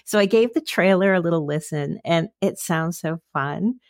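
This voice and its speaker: Gravelly low-voiced woman host. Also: normal speed, dry recording, clean studio sound. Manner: enthusiastic, uses many fillers. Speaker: podcast host. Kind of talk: casual interview chat.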